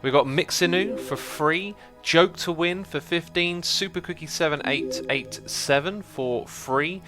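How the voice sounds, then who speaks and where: A man hosting a casual livestream, calm and easygoing as he reads out chat and thanks viewers. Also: a little high, a little slow, faint music behind. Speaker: livestream host reading chat.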